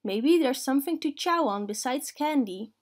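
A woman's voice: sits high, expressive, moderate pace, voice pushed up. A woman voicing a dim, greedy gang thug. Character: dim-witted male street-gang thug.

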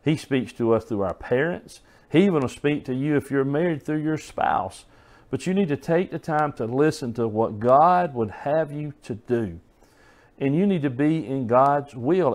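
Earnest and folksy, a man preaches a sermon, telling stories and frequently starting his phrases over. His voice is mid-range and a little mellow.

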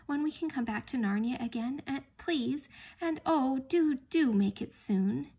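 A woman's voice: a little high, fairly quick, warm tone, husky. A woman voicing an eager, heartfelt young girl who pleads with emotion. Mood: pleading.

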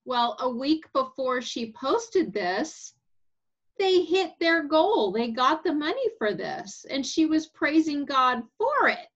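A woman leading a Bible study, telling a story in a lively way and acting out the quoted voices. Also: slow pace. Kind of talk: casual group discussion. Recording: muffled low-fidelity audio.

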